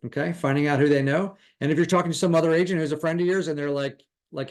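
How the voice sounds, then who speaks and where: A middle-aged man teaching a real estate recruiting class in a casual, animated way, often playing out conversations. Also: a little high, fast, few pauses. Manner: animated, acts out quoted conversations, chuckles often.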